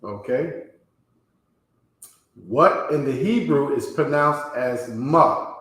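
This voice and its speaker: Slow-talking man teaching in an echoey room. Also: medium pitch, a bit bright. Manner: slow, repeats "okay?" after nearly every phrase. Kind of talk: classroom language lesson.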